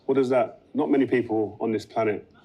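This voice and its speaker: A man's voice: mid-range voice, fairly quick, dark tone, slightly rough. A man interviewing a footballer, asking his questions in a conversational way.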